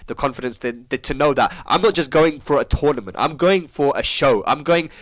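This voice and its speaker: A man hosts a podcast chat, rattling along at a quick clip. His talk is slangy and animated, full of swearing and false starts, recorded dry and close at home. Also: medium pitch, dry recording. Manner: animated, slangy, swears freely, restarts words. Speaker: podcast host. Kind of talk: casual chat.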